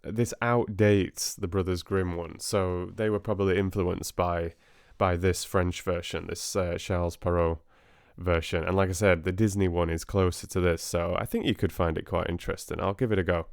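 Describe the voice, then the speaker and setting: A man's voice: low voice, steady tone, moderate pace, hardly any pauses, dry recording, studio quality. A man hosting a live reading stream, chatting casually and hesitantly with many fillers.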